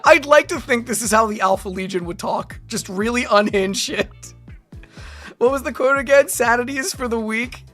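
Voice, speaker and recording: A woman in her thirties streaming as a VTuber, chatting excitably with her viewers, laughing often and breaking into squealing exclamations. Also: on the high side, normal speed, soft background music. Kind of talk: livestream reaction chat.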